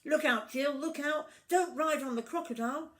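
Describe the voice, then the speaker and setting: A woman's voice: on the low side, big pitch swings, normal speed, distant mic. A woman voicing a round, cheerful bird in a storybook, calling out warnings in a sing-song way.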